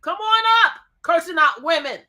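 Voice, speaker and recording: A woman hosting a livestream, talking loudly and repeating her demands in a heated argument. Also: extremely high pitch, expressive, moderate pace. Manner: loud, repeats pleading commands. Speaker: livestream host.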